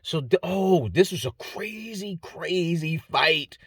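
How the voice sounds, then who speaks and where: Man, fight breakdown commentary, casual and joking, rambling, lively swinging pitch, slightly high, dry close sound. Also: slow pace, breathy edge, no room sound. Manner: joking, rambling, stumbles over names. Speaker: MMA fight breakdown host.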